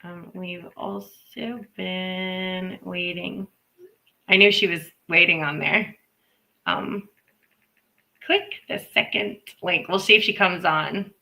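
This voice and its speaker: A woman's voice: on the low side, fairly even intonation, slow, gravelly, pushed and bright, poor audio. A woman hosting a live intuitive reading stream, talking in a chatty, rambling way with playful asides. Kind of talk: casual live-stream talk. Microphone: live stream microphone.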